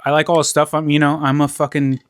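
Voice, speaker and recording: A man's voice: on the high side, little pitch movement, fast, clean tone. A man co-hosting a casual podcast, rambling and swearing freely as he chats and laughs. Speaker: podcast co-host. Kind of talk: casual chat.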